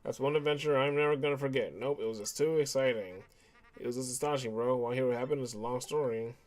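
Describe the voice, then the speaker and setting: A man's voice: mid-range voice, fast talker, close to an everyday voice. A man reading the lines of a laid-back, boastful adult man hero who calls the listener bro. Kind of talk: reading game dialogue aloud.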